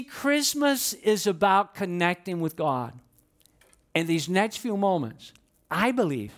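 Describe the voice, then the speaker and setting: A middle-aged man preaching a sermon in a church, telling folksy stories with conversational asides. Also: a little high. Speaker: pastor. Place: church auditorium.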